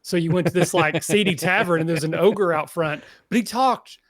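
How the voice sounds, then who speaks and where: This man, a podcast panelist with a Kentucky accent, talks about tabletop gaming in a loose, animated ramble packed with filler words. He speaks at a moderate pace with a fairly high pitch, recorded in studio quality with no room sound.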